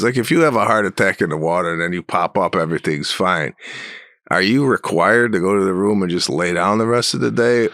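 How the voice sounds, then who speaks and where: A middle-aged man co-hosting a comedy podcast, telling stories in a deadpan way and firing off incredulous questions. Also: low-pitched, creaky, no room sound, clean studio sound. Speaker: podcast co-host. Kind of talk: casual comedic chat.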